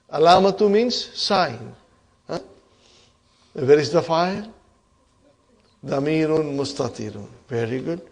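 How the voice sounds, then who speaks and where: Questioning male Arabic teacher, higher voice. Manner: quizzes students, frequent checks like "huh?" and "okay?"; addresses class as brothers and sisters. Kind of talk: classroom grammar lesson. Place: classroom with students.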